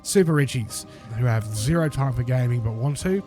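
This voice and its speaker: Lecturing man with a mellow voice. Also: mid-range voice, animated, normal speed, faint music behind. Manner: lecturing, emphatic, repeats points. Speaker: commentator reacting to a video. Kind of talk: critical commentary over a clip.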